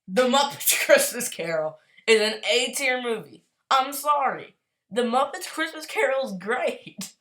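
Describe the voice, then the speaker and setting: A woman chatting casually as a YouTuber, gushing and excitable, rambling along with quick apologies. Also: high voice. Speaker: YouTuber ranking movies. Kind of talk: casual tier-list chat.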